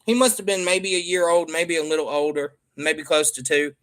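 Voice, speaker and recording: A man's voice: a little high, steady tone, moderate pace, a bit bright. A man with a Southern American accent chatting casually to viewers as a father and streamer, joking and trailing off with ums. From Michigan. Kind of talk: casual rambling chat to viewers.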